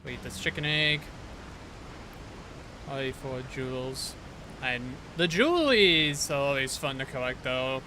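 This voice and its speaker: A man's voice: medium pitch, animated, a little slow, long pauses, sharp tone, slight background noise. A man streaming a horror game, chatting casually with his viewers in a rambling way. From Detroit, Michigan. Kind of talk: casual gameplay commentary.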